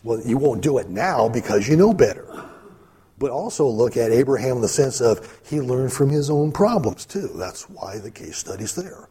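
A man's voice: medium pitch, sing-song, normal speed, warm tone, breathy edge. A man giving casual Bible teaching in a conversational way, full of asides and fillers. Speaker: preacher.

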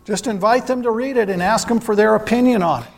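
A man's voice: high-pitched, quick pace, in a large hall. A man giving a sermon to his church, earnest and full of rhetorical questions. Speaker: church speaker.

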